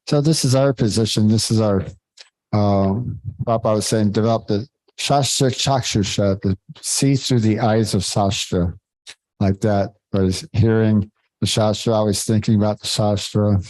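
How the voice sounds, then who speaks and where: A man leading a devotional scripture class, talking informally and haltingly, searching for words and chuckling between points. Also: on the low side, dark tone, no room sound, rough recording.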